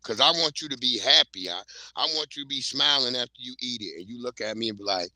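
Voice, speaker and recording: A man's voice: mid-range voice, fast, hardly any pauses, sharp tone, no echo. A man hosting a casual livestream, bantering loosely and joking with plenty of profanity. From Virginia. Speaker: livestream host.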